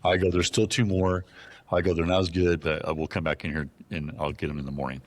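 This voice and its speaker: Deep-voiced man telling a rowdy story. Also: quick pace. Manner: animated, profane, acts out dialogue in his stories. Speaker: guest. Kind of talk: casual storytelling.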